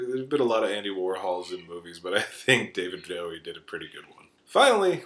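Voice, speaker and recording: Low-voiced, chatty male podcast host. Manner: chatty and animated, with bursts of laughter and many "uh"s. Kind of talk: casual film commentary.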